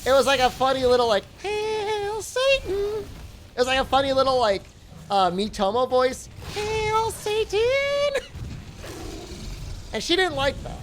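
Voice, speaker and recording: A woman's voice: high voice, quick pace, slight background noise. A woman streaming a video game, chatting casually and jokingly as she answers her chat. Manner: jokey, answers chat aloud, lively. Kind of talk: casual live-stream chat while gaming.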